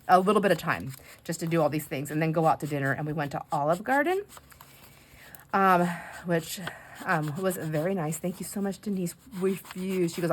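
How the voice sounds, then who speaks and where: A woman's voice: on the low side, slight background noise. A middle-aged woman chatting casually while crafting, telling rambling stories full of fillers and laughs. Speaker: craft vlogger.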